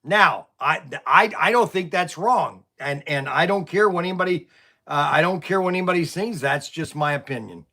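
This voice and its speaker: Rambling middle-aged shop owner, bright voice. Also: male voice, a little high, normal speed. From Ohio. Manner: stammering, restarts often, venting. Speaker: toy shop owner and livestream host. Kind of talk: rambling livestream chat.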